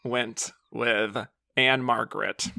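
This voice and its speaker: A man's voice: medium pitch, steady tone, slow, gravelly, pushed and bright, no echo, clean studio sound. A man hosting a podcast in casual film chat, reading listener comments aloud and laughing often. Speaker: podcast host.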